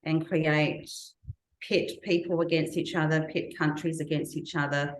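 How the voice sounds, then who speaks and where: A woman's voice: low voice, level tone, unhurried, reverberant, slight background noise, rough recording. A woman as an interview guest, giving earnest, reflective personal testimony full of recalled detail.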